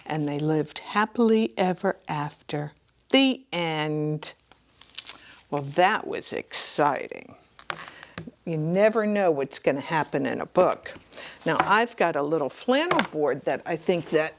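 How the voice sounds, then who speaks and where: A middle-aged woman librarian reading a picture book aloud to children, slipping into hushed whispers and excited gasps. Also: low voice.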